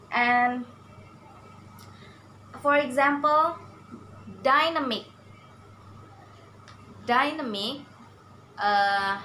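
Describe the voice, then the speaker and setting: Very slow, halting woman presenting. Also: a little high, a bit bright, slight background noise, low-quality recording. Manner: halting, many pauses and fillers. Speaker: student presenter. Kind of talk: class presentation on English stress.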